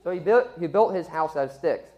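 Speaking at a medium pitch and a little fast, this animated voice casually tells a group a story as a sermon illustration. The delivery is chatty and self-deprecating, with frequent laughter, and the recording sounds muffled.

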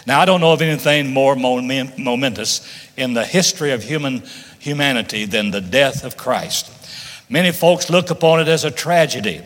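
A man's voice: medium pitch, a bit bright. A man preaching a sermon, reading scripture aloud and stressing key words with rising emphasis. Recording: long reverb of a large hall.

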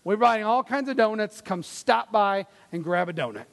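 Earnest high-voiced male preacher in a hall. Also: expressive, moderate pace, vocal fry. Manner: earnest, conversational, with fillers and restarts. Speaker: pastor. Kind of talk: sermon.

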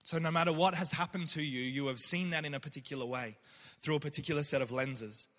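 A man with a bright, forceful voice gives a reflective faith talk and tells stories along the way. He is earnest and keeps restarting his sentences. He sits a little higher than most men, and his voice rings out in a long reverb. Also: quick pace. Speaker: poet and speaker.

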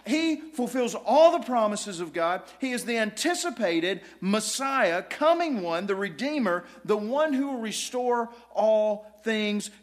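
A high-pitched man preaching from the pulpit of a church. He speaks as a pastor, driving points home with emphasis and sometimes sinking into a low, hushed intensity. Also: expressive, measured pace, hardly any pauses. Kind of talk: sermon. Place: church sanctuary.

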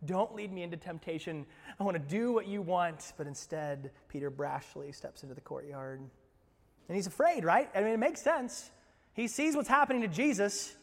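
Pastor guy preaching, high-ish voice, gets loud then drops real quiet, big churchy reverb. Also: moderate pace. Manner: animated, swings from loud bursts to quiet low asides. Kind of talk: sermon. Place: church sanctuary.

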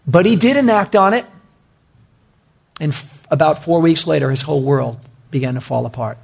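A man's voice: on the high side, moderate pace, gravelly, husky. A man preaching a sermon, emphatic and repetitive, talking directly to his congregation. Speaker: pastor.

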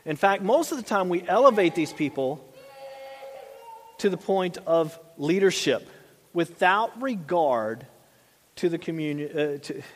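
A man's voice: fairly high pitch, lively intonation, a little slow, pauses often. A man preaching a conversational sermon as a pastor, often repeating and restarting his phrases. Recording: long hall reverb.

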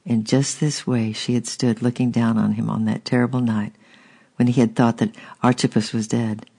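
Guy narrating an audiobook, gravelly voice, kinda monotone. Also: mid-range voice. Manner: steady and unhurried with small restarts.

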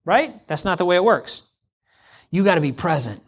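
Very animated and high-sitting, the voice of a middle-aged man preaching moves at a moderate pace. This pastor keeps the sermon conversational, performing imagined quotes and repeating himself for emphasis.

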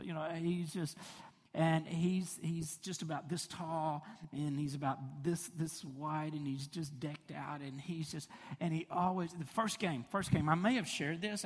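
With a fairly high voice that has a breathy edge, a middle-aged man preaches a sermon full of personal stories. The pastor is chatty and conversational, laughing along, and the recording carries a long hall reverb.

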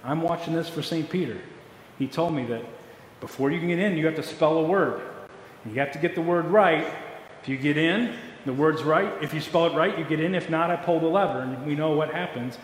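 A man's voice: on the high side, fairly quick, close to an everyday voice. A man voicing a strict, nervous elderly wife, speaking firmly in an echoey hall. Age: older. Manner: firm, matter-of-fact. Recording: echoey hall, faint noise.

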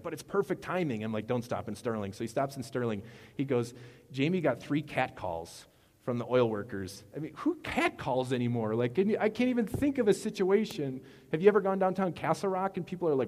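A man preaching a casual sermon as pastor, chatting to the congregation and telling stories with asides. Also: medium pitch. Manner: conversational, animated storytelling with asides to the congregation. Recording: long reverb of a large hall.

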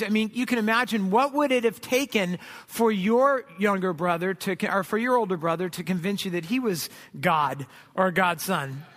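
A man's voice: sits high, a bit bright. A middle-aged man preaching a conversational sermon as pastor, joking and acting out imagined voices. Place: church sanctuary. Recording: long hall reverb.

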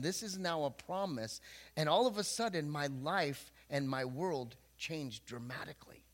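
Joking pastor preaching with a higher voice. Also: male voice, moderate pace. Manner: jokey, animated, acts out quotes in voices. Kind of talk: humorous sermon storytelling. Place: church before a congregation.

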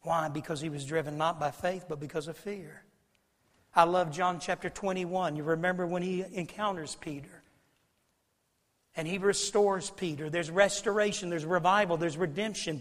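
A man preaching a sermon as pastor, emphatic and preacherly, swinging from loud declarations to low, intimate asides. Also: steady tone, moderate pace. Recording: long reverb of a large hall.

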